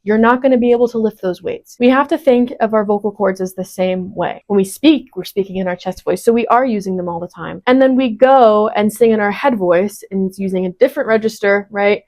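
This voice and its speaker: A woman's voice: medium pitch, fairly quick, few pauses, a little mellow. A woman in her twenties teaching an online singing lesson, explaining step by step and encouraging with frequent check-ins. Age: 20s.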